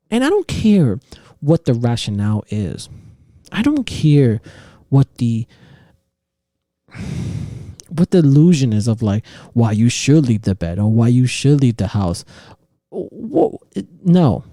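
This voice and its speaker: Gravelly, heated man ranting profanely. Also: medium pitch, big pitch swings, slow, pauses often, warm tone, dry recording, studio quality. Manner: profane, heated ranting with mocking quoted voices. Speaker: podcast host. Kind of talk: casual opinion rant.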